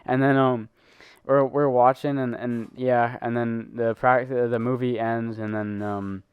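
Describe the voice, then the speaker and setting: A man's voice: mid-range voice, level tone, measured pace, smooth, no room sound, muffled recording. A teenage boy co-hosting a podcast, telling a long story in casual chat, rambling with lots of fillers and laughing as he goes. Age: teens. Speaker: podcast co-host.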